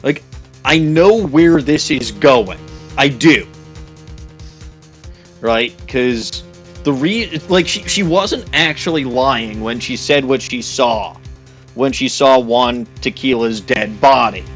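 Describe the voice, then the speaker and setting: A man at a middle pitch riffing on a game he is playing. Brash and exasperated, swearing freely, with faint game music underneath. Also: slow, a bit bright. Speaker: let's play host. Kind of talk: casual game commentary.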